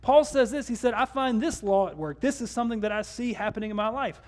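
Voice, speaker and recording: A man's voice: extremely high pitch, fast. A man pastor preaching a conversational sermon, with some restarts along the way.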